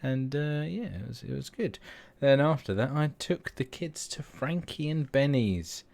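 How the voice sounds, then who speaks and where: A man's voice: medium pitch, animated, measured pace, creaky, a little mellow. A man in his thirties co-hosting a podcast, rambling casually with plenty of swearing and laughs. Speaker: podcast co-host. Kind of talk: casual chat.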